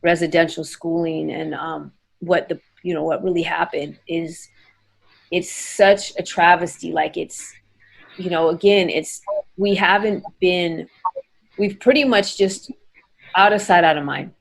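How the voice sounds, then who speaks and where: A woman with a lowish voice and a gravelly edge conducts an interview. She thinks aloud as she talks, stringing thoughts together with fillers and frequent "right?" tags. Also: steady tone, a little slow, poor audio. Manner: thoughtful, many fillers and tag questions. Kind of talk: reflective interview conversation.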